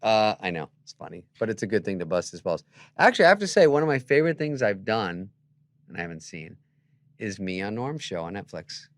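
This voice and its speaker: A man's voice: fairly quick, no room sound. A middle-aged man telling comedy stories in casual chat, acting out voices as he quotes people. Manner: animated, acts out quotes with loud jumps in pitch. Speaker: comedian guest.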